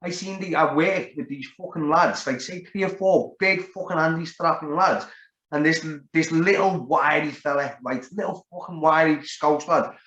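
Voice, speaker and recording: He's on the high side vocally, a bit bright, and moves at a moderate pace. With a Liverpool accent, he rambles through a story in casual chat, full of swearing and "like." The audio is dull and lo-fi with a roomy feel.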